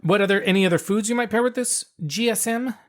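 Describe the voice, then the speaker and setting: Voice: medium pitch, fast. A podcast co-host with a mid-range voice, leading a casual wine tasting. The delivery is easygoing and agreeable, with playful asides along the way.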